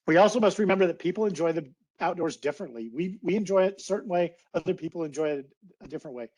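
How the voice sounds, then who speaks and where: A man's voice: high-pitched, lively intonation, fast, darkish tone, rough recording. A man giving an earnest, heartfelt webinar talk over a video call, getting a little emotional. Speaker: guest speaker, naturalist biologist.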